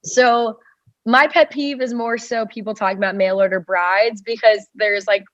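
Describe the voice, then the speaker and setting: A woman's voice: a little high, steady tone, moderate pace. A young woman in her twenties from Russia, a stand-up comedian chatting as a podcast guest in a rambling way full of fillers. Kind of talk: casual podcast interview. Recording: dull, dry lo-fi sound.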